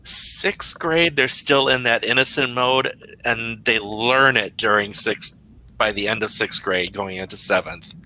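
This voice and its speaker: A man's voice: mid-range voice, a little slow, bright, forceful tone, a little hiss or hum, poor audio. A man in casual stream chat who laughs a lot and teases.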